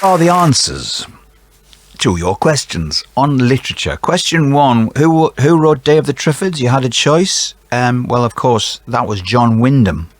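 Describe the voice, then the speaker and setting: A middle-aged quiz host with a medium-pitched, expressive voice reads out answers at a measured pace, often drifting into rambling, jokey asides and talking to himself. The recording is dry, with a faint crowd audible.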